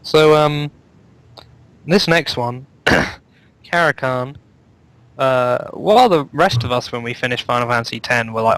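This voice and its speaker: A man co-hosts a casual live chat show from a home microphone on an online call. He rambles through the list with jokes and plenty of ums and uhs. His voice sits at an ordinary middle pitch. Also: measured pace, pauses often, fairly bright tone, dry recording, low-quality recording. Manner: rambling, joking, lots of fillers. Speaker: co-host reading out new speedruns.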